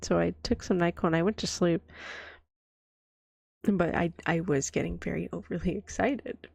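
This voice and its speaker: Whispered role-play: young woman, hoarse from a cold, low gravelly voice, dry close mic. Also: moderate pace, no echo. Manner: chatty, soft and breathy, often drops to a whisper. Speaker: vtuber streamer.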